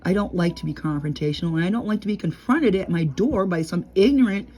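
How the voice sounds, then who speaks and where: A middle-aged woman talking casually to camera from home, rambling and chatty, laughing often and sometimes dropping low and quiet. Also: fast, breathy edge. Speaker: vlogger.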